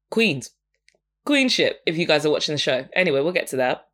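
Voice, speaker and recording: A young woman talks through music in a loose, candid podcast style. Her voice sits a little low for a woman, and she keeps breaking into laughter as she goes. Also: expressive, normal speed, fairly bright tone. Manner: chatty, frank, laughs often between points. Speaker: podcast host. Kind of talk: casual music review commentary.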